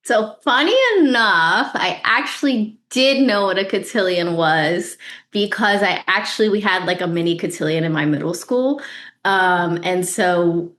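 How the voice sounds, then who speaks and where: A woman, an actress guest on a podcast interview, talking in an earnest, reflective way that turns animated when she retells a story. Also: lowish voice, unhurried. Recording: roomy echo.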